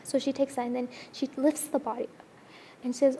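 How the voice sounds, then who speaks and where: A woman's voice: high-pitched, flat delivery, brisk, dark tone, a little hiss or hum. A woman telling a religious story in an earnest, emotional way during a discussion, often restarting her sentences.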